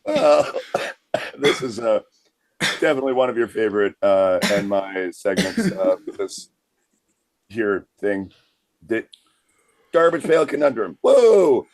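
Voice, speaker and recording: A man's voice: fairly low pitch, a little slow, pauses often. A man co-hosting a comedy podcast, hesitant and filling gaps with lots of uhs. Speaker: podcast co-host.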